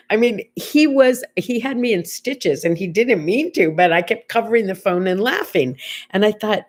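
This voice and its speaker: Older woman, casual host, chatty storyteller, mid-pitched voice. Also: expressive, normal speed. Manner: chatty storytelling, quotes others in conversation. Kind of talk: casual livestream chat.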